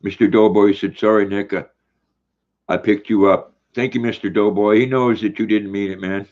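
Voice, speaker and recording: Older male livestream host, low and folksy, reading comments over muffled lo-fi audio. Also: fairly even intonation, moderate pace. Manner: folksy, repeats words while reading chat aloud. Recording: dull lo-fi stream audio.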